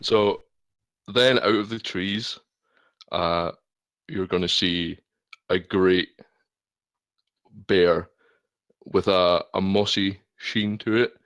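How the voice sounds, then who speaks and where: A man playing in a tabletop game, describing the scene slowly and vividly. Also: sits low, fairly even intonation, a bit bright, clear, resonant tone, dry recording. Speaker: player.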